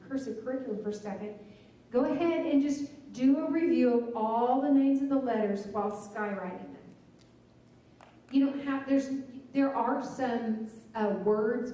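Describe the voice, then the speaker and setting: A woman's voice: a little high, dark tone. A woman giving a chatty, demonstrative teacher-training talk. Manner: chatty, self-deprecating, demonstrative. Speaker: literacy trainer. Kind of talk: teacher workshop presentation. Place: meeting room. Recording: echoey room, voice from far off.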